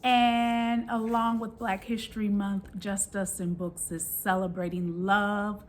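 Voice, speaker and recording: A woman hosting a weekly children's read-aloud, reading a rhyming picture book with animated storytelling. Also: medium pitch, a little slow, hardly any pauses.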